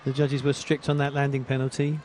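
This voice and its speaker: Flat-toned male expert commentator. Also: medium pitch, fairly quick, noisy background. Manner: explains technique in a steady, informed way. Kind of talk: sports commentary.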